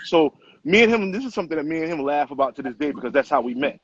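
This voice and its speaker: A middle-aged man, an author guest, telling stories in casual interview talk with animated street slang and plenty of cursing. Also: on the high side, rapid-fire, a little hiss or hum. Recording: muffled lo-fi sound.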